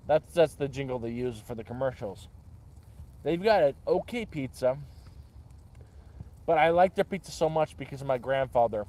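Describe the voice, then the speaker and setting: Guy rambling at a campfire, mellow and a bit high, swears a lot. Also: expressive, normal speed, long pauses. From Canada. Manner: rambling, repeats himself with restarts and swearing. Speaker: vlogger. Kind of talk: casual rambling chat. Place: outdoors by a campfire.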